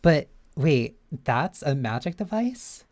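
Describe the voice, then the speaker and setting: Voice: mid-range voice, very animated, slow pace, a little mellow. Chatty streamer reading a game aloud. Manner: chatty, reads game text aloud with many fillers. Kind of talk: live game stream commentary.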